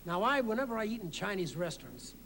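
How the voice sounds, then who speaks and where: A man's voice: high-pitched, fast talker, a little hiss or hum. A man, an actor and comedian, telling anecdotes full of laughter and impressions. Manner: animated, laughing storyteller.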